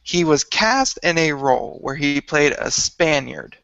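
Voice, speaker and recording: Lively, bright, gravelly man on the radio. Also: a little high, a little slow, no echo, lo-fi sound. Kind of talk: casual radio chat.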